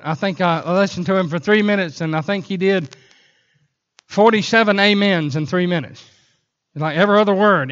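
A man preaching a sermon in a church, telling animated stories broken up by sudden whoops. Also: high voice, lo-fi sound. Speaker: pastor. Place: church sanctuary.

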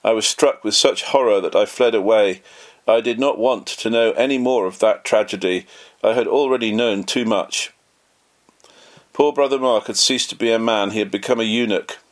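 A man reading a memoir aloud in an earnest, measured way, lightly voicing the quoted lines. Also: fairly low pitch. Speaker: audiobook narrator.

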